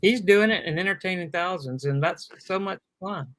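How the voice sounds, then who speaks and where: A man who is a guest comedian on a podcast, telling animated anecdotes and acting out quotes in casual chat. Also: high-pitched, normal speed, no echo.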